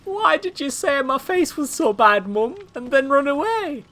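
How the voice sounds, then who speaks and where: Woman playing a whiny young man, squeaky high voice, swooping, repetitive pleading. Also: very animated, measured pace, a bit bright, heavily acted. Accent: put-on odd accent.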